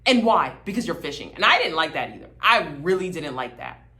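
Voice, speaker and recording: A woman's voice: fairly low pitch, big pitch swings, a little fast, sharp tone. A woman hosting a casual TV recap, talking in a sassy, gossipy, dramatic way. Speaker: host.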